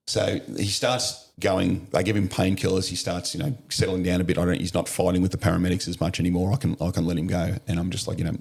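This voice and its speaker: Gravelly deep-voiced Australian man. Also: a little mellow. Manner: blunt, vivid retelling with swearing. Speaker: podcast guest, former police officer. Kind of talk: storytelling in an interview.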